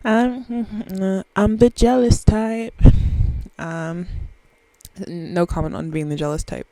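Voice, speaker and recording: A woman's voice: fairly low pitch, lively intonation, slow, dark tone, no room sound, poor audio. A woman, rambling through a profane, self-mocking solo podcast chat very close to the microphone. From Southern US. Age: 20s. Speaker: podcast host.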